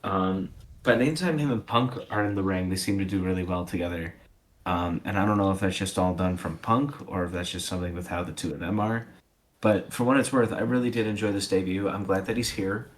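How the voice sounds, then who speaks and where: A man's voice: sits low, brisk, slight background noise. A man co-hosting a casual wrestling podcast, easygoing and hesitant, with many ums. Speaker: podcast co-host.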